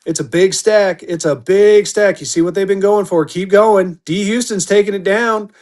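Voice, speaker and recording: A man's voice: high voice, moderate pace, a little mellow. A man selling banknotes in a live-stream auction, with hyped, repetitive auctioneer patter.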